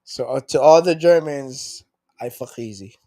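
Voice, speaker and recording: A man's voice: mid-range voice, unhurried, gravelly, warm tone. A young man co-hosting a podcast, laid-back and laughing often at his own crude jokes. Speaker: podcast co-host. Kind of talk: casual chat.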